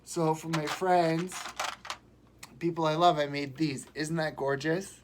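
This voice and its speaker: A man's voice: on the high side, level tone, measured pace, slight background noise. Chatty, sentimental man on a live stream. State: sick. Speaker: vlogger. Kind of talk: casual live-stream chat.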